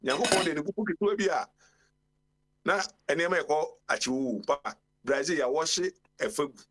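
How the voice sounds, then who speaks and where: A man's voice: fairly high pitch, fairly quick, fairly bright tone. A man speaking as a guest on a radio talk show, giving a long rambling monologue full of exclamations. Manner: rambling, exclamatory, often calls out "Papa".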